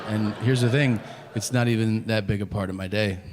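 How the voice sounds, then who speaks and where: A man in his thirties doing a stand-up comedy set, telling animated stories and acting out both sides of each conversation. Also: lowish voice, a little fast. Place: comedy venue stage with audience laughter. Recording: live stage audio with audible background noise.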